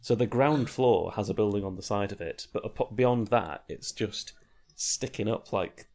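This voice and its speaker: A man co-hosting a podcast in casual chat, wry and self-deprecating, with halting phrasing. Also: fairly low pitch, a little mellow. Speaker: podcast co-host.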